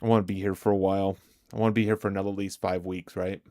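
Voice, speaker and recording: A man's voice: sits low, flat delivery, very fast, dark tone, no echo, studio quality. A man hosting a livestream, chatting casually with viewers, answering their comments aloud and laughing often. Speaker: livestream host. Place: home streaming setup.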